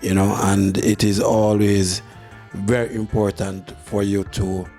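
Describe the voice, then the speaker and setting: A man judging a talent show, giving measured feedback on performances. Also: on the low side, little pitch movement, warm tone, soft background music.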